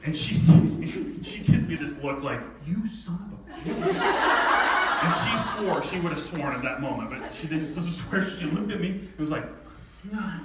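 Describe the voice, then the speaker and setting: A man telling a personal story to an audience in an animated way, laughing often. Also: fairly high pitch, moderate pace, heavy background noise. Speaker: speaker. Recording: echoey hall from far off, faint ambience.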